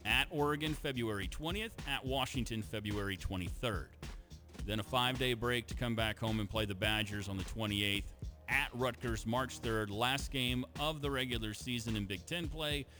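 Male sports show host: bright, punchy, playful, reads schedules fast. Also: medium pitch, soft background music. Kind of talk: casual sports radio banter.

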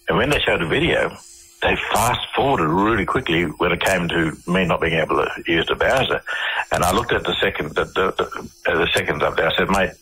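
A man with an Australian accent, a guest on a radio show, telling his stories in a halting way full of restarts and fillers. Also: low voice, pushed and bright, husky, rough recording. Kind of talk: casual interview storytelling.

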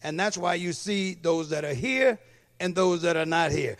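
A man's voice: on the high side, lively intonation, normal speed, creaky. A male pastor preaching a sermon in church, calling for amens and checking that the congregation follows along. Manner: calls for amen and asks if the congregation follows.

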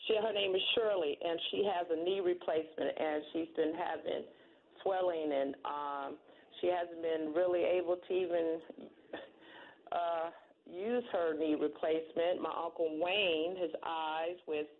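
A woman calling in to a radio show with prayer requests, talking haltingly with many fillers. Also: fairly low pitch, steady tone. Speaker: caller. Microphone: telephone. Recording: tinny phone line.

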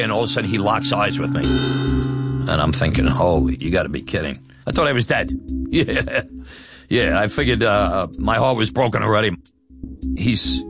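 Deep-voiced man telling a personal story. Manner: animated, self-deprecating, laughing. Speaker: storyteller recounting his youth.

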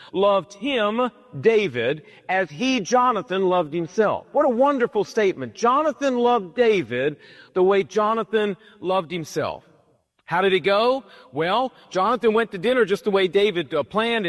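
A man's voice: high-pitched, big-room sound. A man preaching a sermon, retelling scripture in casual, modern everyday speech. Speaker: pastor.

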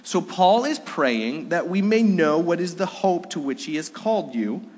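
A middle-aged male pastor preaching a sermon during a Sunday service, earnest, swinging between loud emphasis and hushed moments. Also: a little high, lively intonation, a little slow. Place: church sanctuary during a worship service. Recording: long hall reverb.

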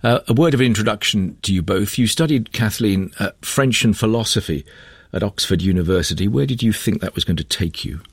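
Deep-voiced male radio presenter. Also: a little fast, slightly rough, no room sound. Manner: polite, with frequent uh fillers. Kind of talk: radio interview hosting. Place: radio studio. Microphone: studio microphone.

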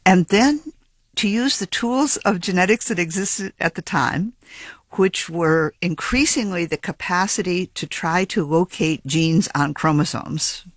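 A man with a fairly high voice speaks as a geneticist in an interview. He explains his science in a measured, precise and academic way, sometimes restarting a phrase. The sound is dry and close, with no room echo. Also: a bit bright.

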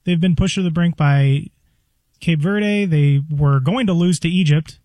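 A man's voice: fairly high pitch, unhurried, a little mellow, no echo. Blunt male radio producer. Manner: blunt, confident. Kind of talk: sports debate talk.

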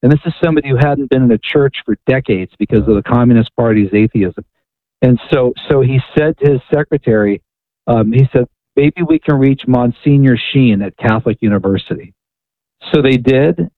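A man's voice: mid-range voice, moderate pace, no room sound. A man, a guest author, telling a story on a radio interview, often repeating and restarting words. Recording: tinny phone line.

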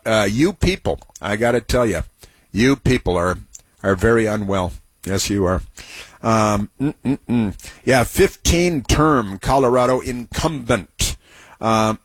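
A man's voice: medium pitch, husky, no room sound. A man hosting a talk radio show, telling stories in a rambling way with many restarts and giving blunt opinions.

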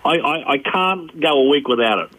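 A fairly high-voiced man, a pub owner joining a breakfast radio chat. He teases and laughs through the talk in a loose, casual way. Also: animated, brisk, bright, forceful tone, poor audio. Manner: jokey, laughing, teasing.

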